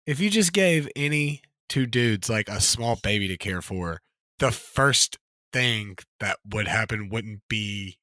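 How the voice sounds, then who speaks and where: A young man co-hosting a podcast, joking in an animated way and often repeating himself. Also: lowish voice, slow, no echo, studio quality. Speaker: podcast co-host. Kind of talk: casual chat.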